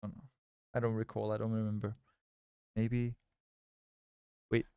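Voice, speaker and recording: Young man, loose rambling stream talk, gravelly edge, dry close sound. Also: on the low side, completely flat delivery, normal speed, dry recording, phone-quality sound. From Scandinavia. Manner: rambling, repeats words and restarts, reads chat aloud. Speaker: live-stream trader. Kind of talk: casual live-stream chat.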